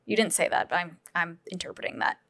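A woman's voice: on the low side, steady tone, fast talker, a bit bright, no echo. A woman co-hosting a podcast, asking frank, probing questions in a casual way and cursing freely. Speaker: podcast co-host.

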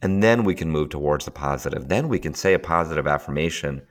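With a bass voice and a quick pace, this podcast guest casually walks through emotional tapping, which he teaches. He laughs a lot and animatedly plays out what people think to themselves.

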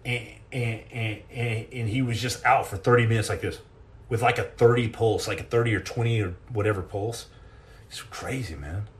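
A middle-aged man with a lowish voice hosts a casual live chat at a normal pace, answering questions. His stories ramble and joke along, full of restarts and repeated words.

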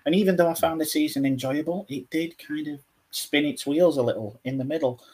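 Man, husky, slightly hoarse, casual podcast chat, playful. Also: fairly high pitch, a little fast, darkish tone. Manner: jokey, self-deprecating, playful teasing. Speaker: podcast host.

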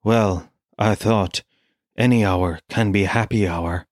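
An Irish man doing a low, mumbling film star. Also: takes it slowly, dry recording, clean studio sound. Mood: droll. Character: weary male film star denying heavy drinking.

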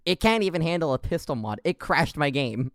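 A man's voice: a little high, animated, fairly quick, dry recording, studio quality. A man hosting a casual gaming podcast, rambling through stories and laughing along. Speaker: podcast host.

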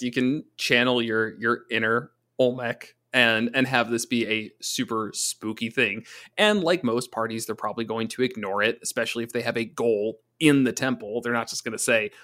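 A man co-hosting a casual tabletop gaming talk, chatty, often slipping into quick voices for monsters and players. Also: mid-range voice, a bit bright. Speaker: podcast co-host, game master.

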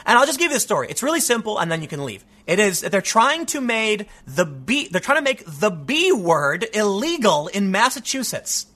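A male host delivering solo commentary in a high, bright voice. His pitch leaps around constantly as he makes his points with emphatic energy. He drives each argument home hard. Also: moderate pace, few pauses. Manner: emphatic, animated, acts out quoted voices.

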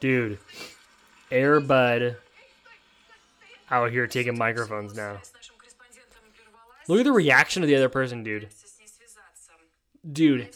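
A man hosting a solo podcast, chatting casually through odd news stories. His speech is laid-back and wisecracking, with "dude" dropped into nearly every thought, and his pitch sits right in the middle of the range. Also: slow, pauses often, fairly bright tone. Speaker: podcast host.

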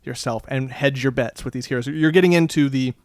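A man's voice: medium pitch, a little fast, a little mellow, no echo, clean studio sound. A man chatting playfully on a podcast, often breaking into laughter. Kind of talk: casual podcast chat.

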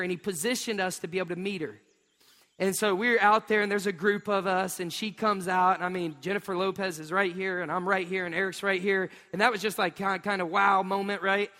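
A man, preaching a sermon in an animated storytelling way. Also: sits high, brisk. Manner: storytelling, animated, acts out voices. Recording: long hall reverb.

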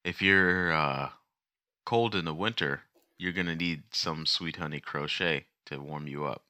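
A man's voice: extremely low pitch, unhurried, pushed and bright, no echo, clean studio sound. A man co-hosting a podcast, joking and teasing in casual chat. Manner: playful, teasing banter. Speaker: podcast co-host.

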